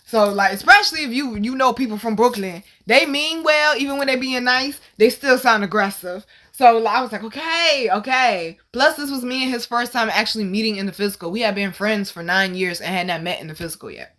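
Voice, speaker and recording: A woman telling her channel a story in loose, slangy, profane chat. Her voice is bright and forceful, and she keeps the telling animated and casual. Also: on the high side, brisk, hardly any pauses. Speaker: vlog host.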